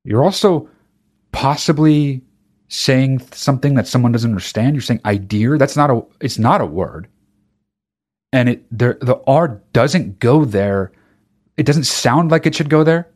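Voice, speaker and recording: A man's voice: mid-range voice, lively intonation, measured pace, darkish tone. A man hosting a podcast, talking alone in a casual monologue, ranting with emphatic profanity and frequent restarts. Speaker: podcast host.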